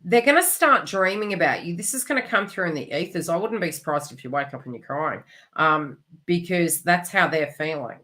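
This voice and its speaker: A woman's voice: fairly low pitch, expressive, fairly quick, sharp tone. A woman giving a live psychic reading, rambling and emotive, with many fillers and restarts. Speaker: psychic tarot reader.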